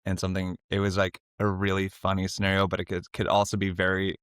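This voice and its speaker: A podcast co-host tells a story in casual chat, talking fast in a smooth voice. He's an animated storyteller who laughs often and acts out other people's lines in high voices. The recording is studio quality with no echo.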